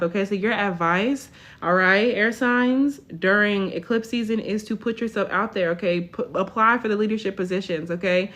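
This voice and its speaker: A woman's voice: medium pitch, expressive, normal speed, fairly bright tone. A woman in her twenties giving a casual live tarot reading, chatty, tagging almost every line with "okay?". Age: 20s. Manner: chatty, tags lines with "okay?". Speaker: tarot reader.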